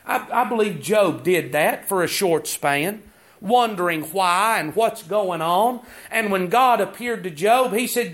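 A man's voice: high voice, lively intonation, slow pace, a bit bright. A man preaching a sermon, asking rhetorical questions and reading scripture.

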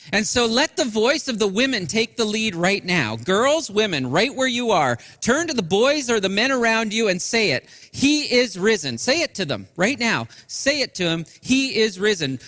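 Middle-aged guy pastor giving a sermon, dry close mic, goes soft and low sometimes. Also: dry recording, big-room sound. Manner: earnest preaching, soft and low in reflective passages. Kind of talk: Easter sermon streamed to people at home.

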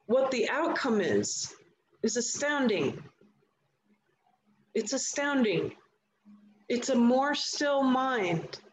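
Woman guest, somewhat high voice, earnest and emphatic, roomy echo, faint hiss. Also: sing-song, slow pace, long pauses. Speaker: guest speaker. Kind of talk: live conversational talk. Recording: echoey room, faint background noise.

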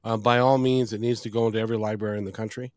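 A man's voice: lowish voice, flat delivery, racing, a little mellow, dry recording. A man hosting a podcast interview, friendly and praising, repeatedly urging listeners to get his guest's book. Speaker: podcast host.

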